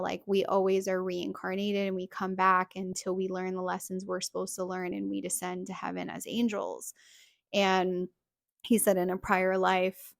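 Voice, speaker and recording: A woman's voice: medium pitch, gravelly, dry recording, studio quality. A young adult woman hosting a podcast, telling a personal story in a chatty way full of fillers. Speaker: podcast host.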